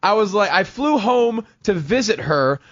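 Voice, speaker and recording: A man telling a long personal story in a casual chat, animated and self-mocking, often acting out the voices of other people. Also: high voice, unhurried, dull audio.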